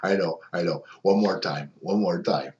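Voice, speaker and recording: Brief: low-pitched male paranormal investigator, rambling casual narration, echoey muffled recording. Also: normal speed, noisy background. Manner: rambling, many ums and restarts. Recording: echoey, dull lo-fi sound.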